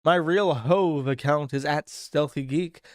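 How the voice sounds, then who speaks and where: A man's voice: fairly high pitch, a little slow, dry recording, clean studio sound, natural voice. A man putting on a haughty, sneering man. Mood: condescending. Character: pompous condescending man who sneers at critics.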